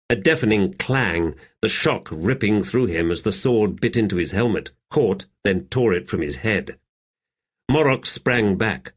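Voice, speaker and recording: A man narrating a fantasy audiobook in a steady, measured reading. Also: fairly low pitch, husky. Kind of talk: scripted narration.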